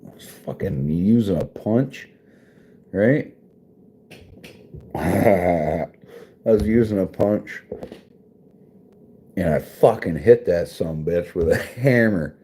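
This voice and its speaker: This livestreaming vlogger, a married father, rambles casually to his viewers, cursing and laughing a lot. His deep, dark-toned voice moves slowly and pauses often.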